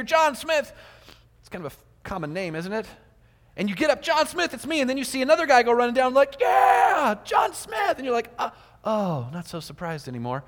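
A preacher with a high, fairly bright voice delivers a sermon in church, acting out small everyday scenes with quoted voices. The recording carries a long hall reverb.

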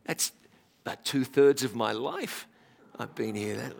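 A man's voice: medium pitch, a little slow, vocal fry. A man in his forties with a New Zealand accent, giving a chatty, self-deprecating sermon in a church. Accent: New Zealand, slightly Americanized. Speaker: pastor. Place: church hall. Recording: reverberant church hall.

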